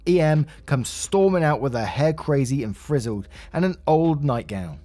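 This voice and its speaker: A man's voice: on the high side, lively intonation, normal speed, warm tone. A man narrating a Reddit story in a conversational way, adding his own asides.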